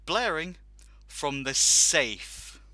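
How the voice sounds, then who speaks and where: Bright, dry-voiced man telling a story. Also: on the high side, very slow, no echo. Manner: animated anecdote with laughs and acted-out quotes. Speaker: podcast host telling a story. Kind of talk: casual storytelling.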